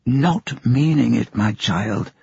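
A man reading an audiobook, voicing a timid little old father who is gentle, anxious and remorseful. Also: medium pitch, slow pace, creaky, breathy edge, dry recording, exaggerated voice. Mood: pleading. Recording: dull lo-fi sound.

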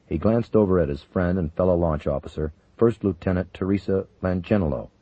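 A man reading a thriller audiobook in a steady, measured voice. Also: low-pitched, no room sound. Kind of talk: audiobook narration. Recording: dull, dry recording.

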